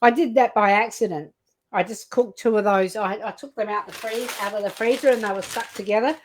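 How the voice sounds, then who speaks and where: A woman's voice: medium pitch, brisk, a little hiss or hum, low-quality recording. An Australian woman hosting a live cooking stream, chatting casually, reading out viewer comments and laughing easily.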